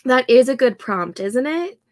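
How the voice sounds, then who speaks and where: A woman with a fairly high voice hosts a casual live stream of writing sprints. She takes her time, speaking at a slow, relaxed pace as she reads out viewer comments and cheers them on. Her voice sounds slightly stuffy from allergies. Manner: unhurried, reads viewer comments aloud and reacts warmly. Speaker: livestream host running writing sprints.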